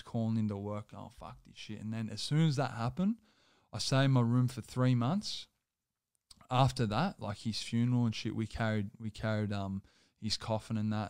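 A young man in his twenties speaks as a guest, rambling through a personal story with plenty of swearing and filler words. His voice is clear and smooth. It sits dry and close, with no room around it. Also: lowish voice, dry recording. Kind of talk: casual storytelling.

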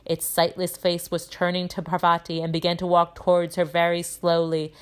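A woman teacher reading a children's novel aloud, telling it in a lively way with voices for the characters. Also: lowish voice, normal speed, clean tone.

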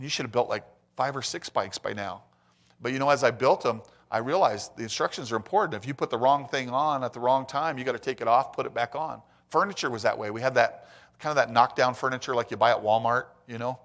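Middle-aged guy giving a sermon at church, reads bible verses then riffs with the congregation, animated. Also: medium pitch. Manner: animated preaching with scripture reading and asides to the congregation. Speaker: pastor.

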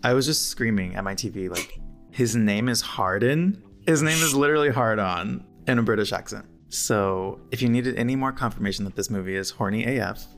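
A woman's voice: very deep voice, brisk, faint music behind. A woman co-hosting a podcast, casually recapping a movie with sarcastic asides and lots of laughter. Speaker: podcast co-host.

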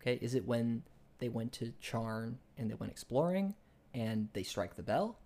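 A young man co-hosting a casual podcast, retelling a book in a rambling way with many restarts and fillers, and growing excited when he argues ideas. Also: mid-range voice, moderate pace. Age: young adult. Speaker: podcast co-host.

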